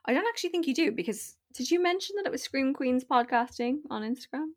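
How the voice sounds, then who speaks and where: A woman's voice: sits high, expressive, fast talker. A tipsy woman co-hosting a podcast in casual chat, laid-back and giggly, swearing now and then. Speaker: podcast co-host.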